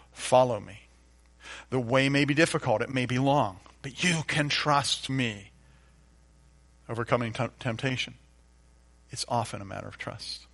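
A man preaching a sermon, acting out a doubting believer's complaints and then answering softly with calls to trust God. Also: medium pitch. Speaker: pastor.

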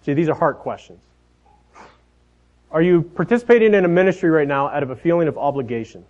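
A man in his thirties preaching a sermon, telling family stories in a folksy way, often dropping softer at the ends of his phrases. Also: a little high, brisk. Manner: folksy storytelling, trailing off softly at phrase ends. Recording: dull lo-fi sound.

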